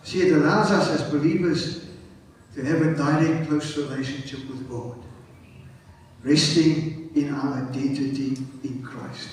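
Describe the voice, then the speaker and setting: High-voiced preacher in an echoing church hall. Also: male voice, fairly even intonation, measured pace. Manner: call-and-response preaching, swinging from high exclamations to low quiet passages. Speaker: pastor. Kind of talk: sermon. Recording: echoey hall, voice picked up from a distance.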